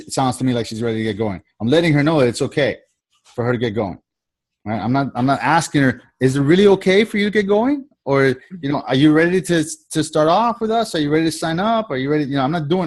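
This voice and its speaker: Man coaching sales on a video call. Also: medium pitch. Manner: repetitive, conversational, acts out quoted lines. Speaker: sales trainer.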